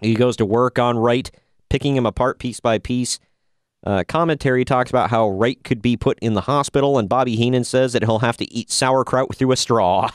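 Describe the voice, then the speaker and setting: Laid-back man with a smooth, dry voice. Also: mid-range voice, normal speed, no room sound. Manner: laid-back, sarcastic, laughs often. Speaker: podcast host reviewing wrestling. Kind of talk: casual chat.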